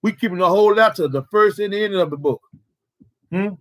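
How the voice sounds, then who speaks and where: A man's voice: high-pitched, brisk, a bit bright. A man preaching a sermon at a prayer service, emphatic and full of rhetorical questions.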